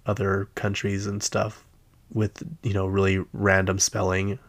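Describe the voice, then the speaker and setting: A man's voice: low voice, completely flat delivery, unhurried. A man with a Utah accent hosting a casual pop-culture chat, chatty and easily exasperated, with lots of fillers. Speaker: podcast host.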